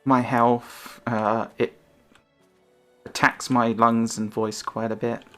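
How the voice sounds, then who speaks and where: A woman's voice: extremely low pitch, level tone, slow pace, fairly bright tone, soft background music. A woman streamer chatting casually in a rambling, self-conscious way, her intonation rising and falling.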